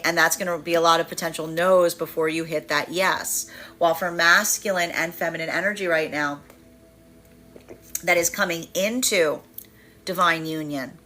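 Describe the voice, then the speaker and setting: Bright-voiced woman giving a tarot reading. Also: low-pitched. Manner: animated, acts out quoted inner voices with fillers and laughs. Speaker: tarot reader.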